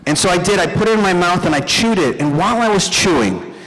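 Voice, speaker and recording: A young man doing a stand-up comedy set, telling animated stories and talking to the crowd. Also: sits high, quick pace. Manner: animated storytelling, addresses the crowd. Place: event hall stage. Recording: live hall with long reverb.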